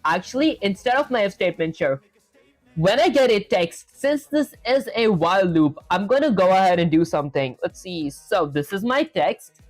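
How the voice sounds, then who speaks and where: A man's voice: sits high, lively intonation, moderate pace, dry recording. Young guy live coding, talking thru it, dry close sound, faint music behind. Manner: thinks aloud, reads chat to viewers. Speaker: livestreaming programmer. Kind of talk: casual live coding chat.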